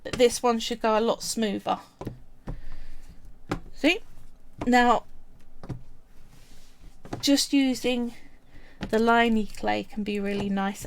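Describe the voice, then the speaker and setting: A woman's voice: a little high, slight background noise. A woman hosting a live craft tutorial, chatty and explaining each step as she works. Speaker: craft livestream host.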